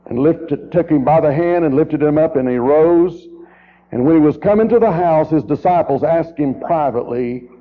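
A man preaching a sermon as a guest speaker, emphatic, with rhetorical questions and runs of repeated phrases. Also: fairly high pitch. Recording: tinny, narrow-band old tape recording.

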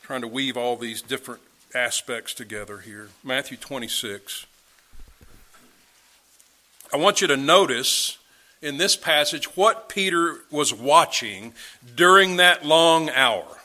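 A man's voice: mid-range voice, slow, pushed and bright. A man preaching a sermon, reading scripture aloud and pressing his listeners with emphatic questions. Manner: dramatic, rising and falling delivery with emphatic questions.

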